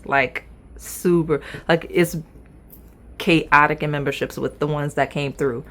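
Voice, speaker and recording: A woman's voice: low-pitched, fairly even intonation, a little slow, fairly bright tone. A woman reading tarot cards in a chatty, playful way, talking straight to her viewers. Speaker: tarot reader. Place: indoors at a table.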